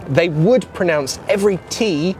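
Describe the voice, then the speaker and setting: A woman's voice: lowish voice, a little slow, a little mellow, a little hiss or hum. A woman with a London accent, chatting casually as a guest and demonstrating ways of pronouncing English. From London, England. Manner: explains pronunciation and demonstrates accents. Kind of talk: casual chat.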